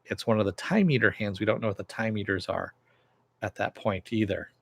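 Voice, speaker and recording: A man's voice: fairly low pitch, a little fast, gravelly, breathy edge. A man casually recapping and reviewing a TV episode, rambling with frequent "uh" and "you know" fillers.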